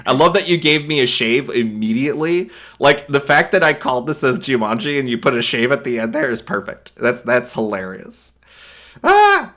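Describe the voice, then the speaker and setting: On a stream, a young man reacts casually to viewer art and reads the captions aloud. His medium-pitched voice is pushed and bright, and he laughs often and slips into quick silly voices.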